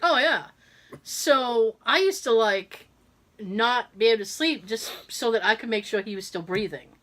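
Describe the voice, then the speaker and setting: A woman's voice: on the high side, unhurried. A woman co-hosting a podcast, telling stories in casual chat and laughing often. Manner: animated, laughing storyteller. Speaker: podcast co-host.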